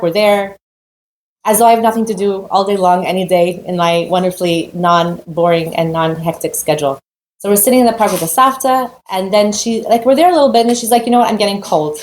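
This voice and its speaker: Fast-talking animated woman teacher, echoey. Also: medium pitch. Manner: animated storytelling, acts out quoted voices. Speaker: Torah teacher. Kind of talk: storytelling Torah talk. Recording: roomy echo with faint background noise.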